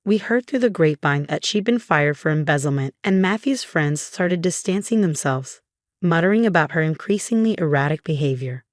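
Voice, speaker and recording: A woman with a fairly low voice tells a dramatic first-person story in a steady, scripted narration. The recording is dry and close, with no room sound. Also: normal speed, no room sound.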